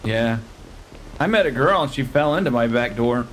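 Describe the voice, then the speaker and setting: A man's voice: mid-range voice, lively intonation, moderate pace, fairly bright tone, a little hiss or hum, poor audio. A man in casual in-character role-play chat, earnest and easygoing as he shows someone around. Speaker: role-play player showing off his home.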